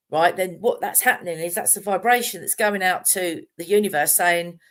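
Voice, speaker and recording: This is a middle-aged woman, speaking in a slightly low voice. She rambles casually through her live-stream talk, full of fillers and restarts. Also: brisk, few pauses. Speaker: meditation teacher.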